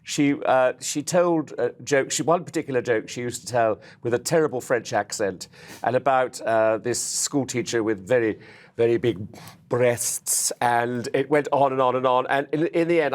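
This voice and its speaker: A man speaking as a guest in a TV news studio interview, remembering a late friend in a warm, rambling way. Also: medium pitch.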